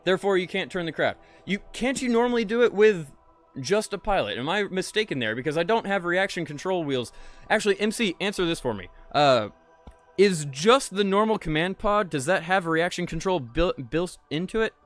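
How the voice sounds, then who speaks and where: A man's voice: high voice, expressive, moderate pace, soft background music. A young man streaming a space game, talking to chat and muttering in frustration, swearing often. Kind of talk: casual live-stream commentary.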